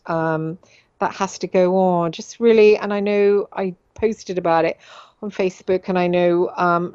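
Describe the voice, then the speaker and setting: A woman's voice: lowish voice, a little mellow, no echo, lo-fi sound. A middle-aged woman hosting a radio show, talking in a rambling, confiding way with many fillers and repeated words. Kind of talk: casual monologue.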